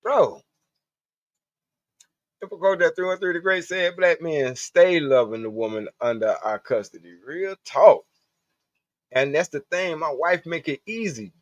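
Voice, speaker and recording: Male streamer, loose and profane, talking to chat. Slightly high voice, dry muffled home audio. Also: expressive, a little slow, pauses often, no echo. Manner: profane, rambling, talks to chat. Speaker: live stream host. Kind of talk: casual livestream monologue.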